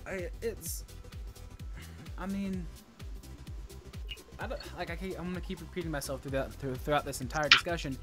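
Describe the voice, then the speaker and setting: Male co-host, casual gaming chat, slightly high voice, rambling and blunt, music underneath. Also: steady tone, normal speed, long pauses. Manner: rambling, restarts often, blunt and profane.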